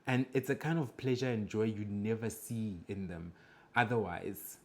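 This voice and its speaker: A man with a fairly low voice reacts to clips with blunt, judgmental remarks. He lectures his viewers in a direct, opinionated way. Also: moderate pace, a little mellow. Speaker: reaction video host. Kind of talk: reaction commentary.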